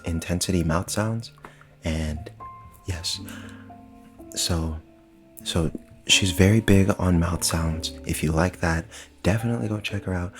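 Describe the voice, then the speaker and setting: A man casually recommending channels in an enthusiastic, rambling chat, often restarting his sentences. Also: sits low.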